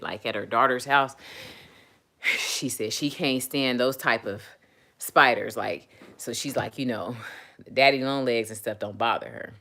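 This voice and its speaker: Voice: mid-range voice, sharp tone, no room sound. A regular on a live audio chat, telling stories in a loose, rambling way with lots of fillers and restarts. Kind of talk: casual storytelling chat. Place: lives in San Diego.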